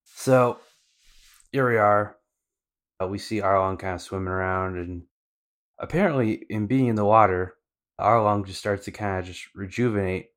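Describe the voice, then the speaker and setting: Deep-voiced man recapping casually. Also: normal speed, long pauses, a bit bright. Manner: casual and slangy, with loose fillers. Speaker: podcast co-host.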